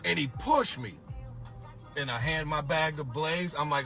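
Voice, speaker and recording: A middle-aged man with a bright, forceful voice, pitched a little above most men, telling a story from his past. He talks in a loose, animated way and swears constantly. Faint music plays behind him. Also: measured pace, vocal fry. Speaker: storyteller recounting a past tour. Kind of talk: profane casual storytelling.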